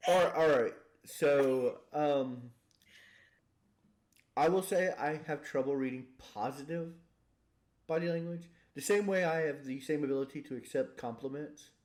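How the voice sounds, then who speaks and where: Co-host, male, slightly high voice, jokey and deadpan, casual chat. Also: measured pace. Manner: jokey, acts out silly voices, deadpan punchlines. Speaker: podcast co-host.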